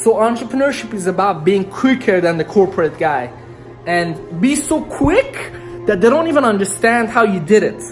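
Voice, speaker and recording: A woman from Iran vlogs casually to camera about business, rambling, joking, and tagging lines with "okay?" in a motivational monologue. Her medium-pitched voice is animated at a normal speed, with faint music behind her.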